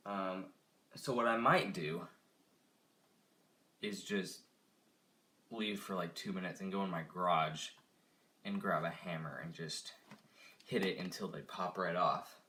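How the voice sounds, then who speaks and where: A man's voice: low-pitched, steady tone, measured pace, pauses often, pushed and bright. A young man chatting casually on a live stream while working with his hands, muttering and sighing in frustration. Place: home, working on a toy car.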